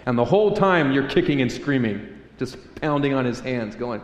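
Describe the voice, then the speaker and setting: A man's voice: medium pitch, lively intonation, moderate pace, few pauses, dull audio. A man preaching a sermon to a congregation, joking and acting out prayers in a raised voice. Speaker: pastor. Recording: echoey hall, faint room ambience.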